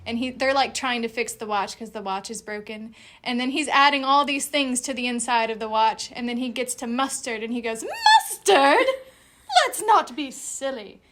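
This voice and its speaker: Animated, giggly woman guest. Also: brisk, a little hiss or hum. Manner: animated and giggly, jumps up in pitch. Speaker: podcast guest, artist. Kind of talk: casual conversation.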